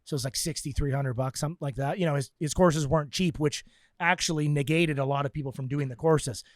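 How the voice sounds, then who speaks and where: A man chatting on a podcast in a slightly higher voice, telling stories with animated energy and putting on voices for the people he quotes. The sound is dry and close, with little room around it. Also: fast, dry recording. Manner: animated storyteller, acts out quotes. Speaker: podcast co-host sharing training stories. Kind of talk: casual podcast chat.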